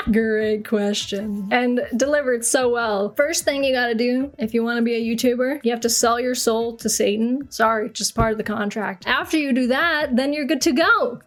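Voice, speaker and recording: A woman's voice: a little high, normal speed, few pauses. A young woman YouTuber answers viewer questions in casual chat, joking and slipping into silly put-on accents. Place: large echoey room at home. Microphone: desk mic. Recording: roomy home recording with faint music.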